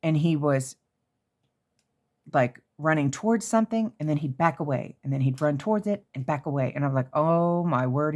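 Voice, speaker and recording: Low-voiced Oklahoma woman telling a story. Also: moderate pace. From Oklahoma, USA. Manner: animated, excitable storyteller who jumps to high shrieky pitches. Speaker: crafter showing handmade pieces. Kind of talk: casual storytelling vlog. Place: home craft room.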